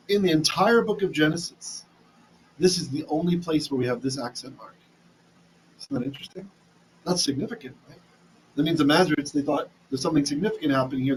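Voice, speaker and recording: A man's voice: a little high, slight background noise, poor audio. A man teaching a casual Bible lesson, chatty, often restarting and asking "right?", reading Hebrew with an Ashkenazi accent. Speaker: Torah teacher.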